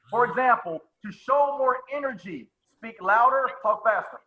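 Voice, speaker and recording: A man with a high, bright, ringing voice runs a live sales training webinar over a video call. He speaks with energy, repeats himself for emphasis and calls on attendees by name. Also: animated, normal speed, poor audio. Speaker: sales presentation coach.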